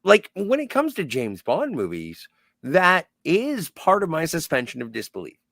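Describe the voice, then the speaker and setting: A man's voice: fairly high pitch, huge pitch swings, moderate pace, creaky, a bit bright, dry recording, studio quality. A man co-hosting a podcast, teasing and cutting in with playful banter. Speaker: podcast co-host. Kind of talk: casual chat.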